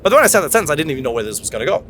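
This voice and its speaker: Lively, emphatic male dating coach. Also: on the high side, racing, a little hiss or hum. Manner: animated, emphatic, jumps into silly voices. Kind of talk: casual talk in a taxi. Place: back of a taxi.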